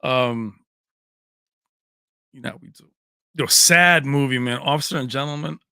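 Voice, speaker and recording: A man's voice: mid-range voice, measured pace, bright, forceful tone, clean tone, dry recording, clean studio sound. A man hosting a livestream in casual chat. He rambles, laughs often and answers viewers by name. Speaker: livestream host.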